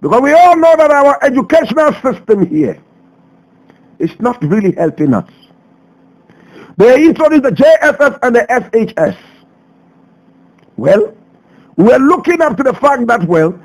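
A Ghanaian man hosting a radio show, delivering a passionate commentary full of rhetorical questions, swinging between loud outbursts and low asides. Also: big pitch swings, measured pace, pauses often, poor audio. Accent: Ghanaian English. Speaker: radio host. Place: radio studio.

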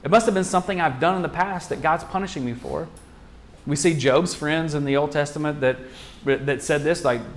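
Preaching loosely and conversationally, this male pastor has a voice slightly higher than most men's. He relies on rhetorical questions and quick restarts throughout the sermon, and there's a faint hiss or hum in the recording.

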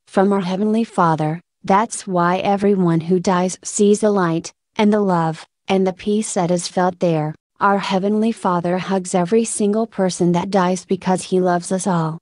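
A woman's voice: on the low side, darkish tone, dry recording, studio quality. A woman speaking earnestly as she gives a religious testimony to a congregation, addressing them as brothers and sisters.

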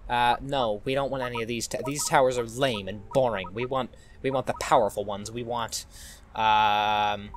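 A man hosting playful gameplay commentary, excitable and goofy, tossing in silly sound effects. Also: medium pitch, slight background noise. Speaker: gaming channel host.

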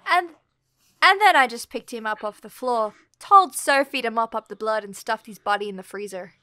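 Murderous mother with a bright, offhand mock-american drawl, put on by a woman. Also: fairly high pitch, expressive, moderate pace. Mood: nonchalant. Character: cold-blooded mother who killed her husband.

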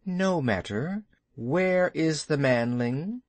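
A man voicing a huge, ancient male python who speaks slowly and menacingly with a hiss. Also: on the high side, lively intonation, no room sound, pitched above the performer's own voice. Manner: slow, hissing, drawn-out speech. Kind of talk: storybook character voice.

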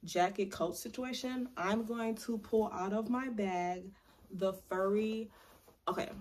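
A woman's voice: mid-range voice, unhurried, a little mellow. A young adult woman chatting to camera in a casual vlog, playful and chatty, drawing out words for emphasis. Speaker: vlogger.

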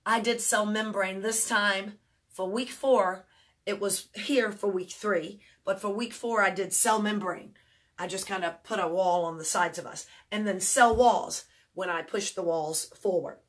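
A woman's voice: medium pitch, fairly even intonation, a little slow. A chatty woman talks parents through a homeschool review, often correcting herself as she goes. She chants and sings the words while explaining the hand motions, dropping in a mild faith phrase now and then. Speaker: homeschool teacher reviewing memory work. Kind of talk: casual instructional walkthrough.

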